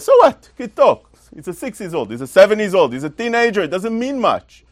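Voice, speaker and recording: A man giving a religious lesson as a Torah teacher, talking in an animated, emphatic way with rhetorical questions and repetition. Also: high-pitched, fairly quick, few pauses, no room sound.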